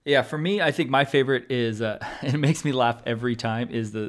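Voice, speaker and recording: A man's voice: medium pitch, fairly quick. Joking man co-hosting a casual chat. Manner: joking, laughs often, swears freely. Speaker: podcast co-host.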